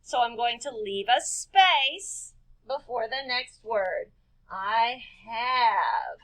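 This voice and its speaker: Woman teacher with a high voice for a children's writing lesson: patient and slow, spells words letter by letter. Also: lively intonation, fairly bright tone. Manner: asks children questions and answers them herself. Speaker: kindergarten-level teacher.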